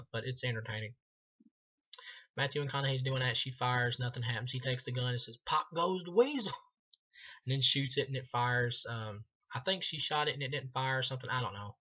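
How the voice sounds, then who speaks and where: A man's voice: mid-range voice, steady tone, moderate pace, pushed and bright, muffled recording. A man giving a casual, profane movie review, sarcastic and laughing often as he retells the plot.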